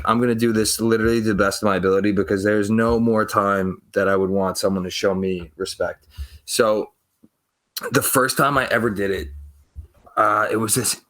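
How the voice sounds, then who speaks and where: A man's voice: on the low side, fairly bright tone. A young man, telling profane, rambling stories on a podcast and acting out the people in them. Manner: profane, rambling, acts out quoted voices. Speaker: podcast co-host. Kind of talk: casual storytelling.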